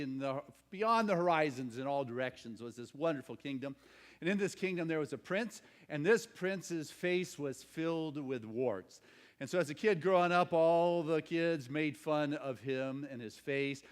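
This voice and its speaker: Give me a man preaching a sermon with animated storytelling and a slightly high voice. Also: a little slow. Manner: animated storyteller, builds to loud emphasis. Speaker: pastor.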